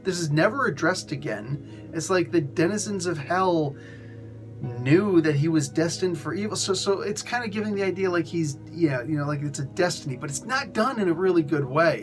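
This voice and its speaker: A man with a slightly higher voice, casually reviewing a comic book. He retells the plot with exasperated sarcasm and plenty of "like" and "you know". Faint music plays behind him.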